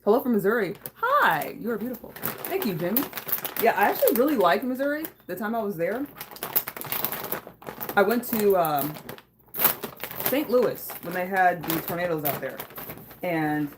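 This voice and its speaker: A woman's voice: mid-range voice, expressive, normal speed, long pauses, noisy background. A woman hosting a casual livestream from her home kitchen, reading viewer comments, chatting loosely with lots of fillers and swearing. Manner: casual and profane, laughing, chatty with frequent fillers. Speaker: livestream host.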